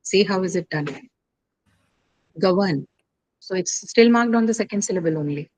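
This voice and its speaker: A woman's voice: mid-range voice, lively intonation, quick pace, a little mellow, dry recording, low-quality recording. A woman teaching an online English class, patiently explaining and correcting a student's question step by step.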